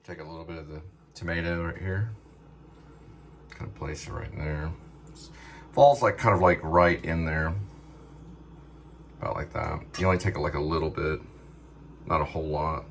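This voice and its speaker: A man with a very low voice chats in a loose, rambling way, leaning on filler words as he eats on camera at home. Faint noise sits under his voice. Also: steady tone, moderate pace, long pauses, a bit bright. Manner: rambling, easygoing, many "like" fillers; talks while eating. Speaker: vlog host. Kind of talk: casual cooking and pet vlog.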